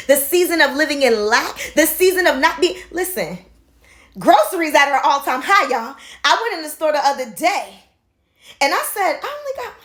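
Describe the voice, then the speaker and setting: A high-voiced woman in her forties gives an impassioned pep talk straight into her handheld phone camera. She shifts from excited shouting to soft, confiding encouragement. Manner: passionate, swings between shouting and soft confiding. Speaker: motivational vlogger.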